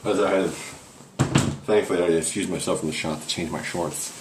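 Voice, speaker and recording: A man's voice: deep voice, normal speed, roomy sound, heavy background noise. A man hosting a spoof paranormal investigation, rambling and faking panic and awe. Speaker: host of a mock paranormal investigation. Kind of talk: comic mock-serious ghost hunting.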